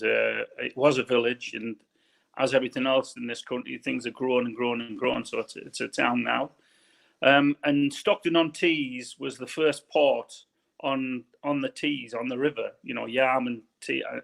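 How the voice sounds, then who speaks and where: A man's voice: mid-range voice, steady tone, moderate pace, vocal fry, a bit bright. A man from northern England with a northern English accent, chatting casually as an interview guest and rambling with repeated words.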